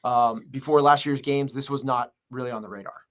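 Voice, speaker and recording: A man's voice: medium pitch, steady tone, fairly quick, fairly bright tone. A man who runs a gym, speaking as a podcast interview guest in an earnest, rambling way full of fillers. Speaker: gym owner and coach.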